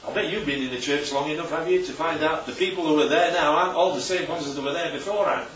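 A preacher with a fairly high, slightly bright voice teaches the Bible quickly to a small church group, constantly asking them questions and throwing in jokes. The recording is roomy, distant, dull and lo-fi, with a little background noise.

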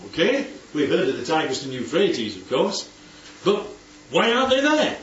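Man, Bible study leader, animated, keeps checking for agreement; distant, echoey, muffled recording. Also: fairly high pitch, normal speed, a little hiss or hum. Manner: animated, asks for agreement often. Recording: roomy, distant, dull recording with faint background ambience.

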